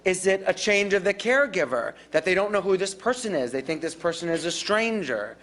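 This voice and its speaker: Animated woman teaching caregivers. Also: lowish voice, fairly quick. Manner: animated, acts out calm reassuring caregiver lines. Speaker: dementia care educator. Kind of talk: live workshop talk.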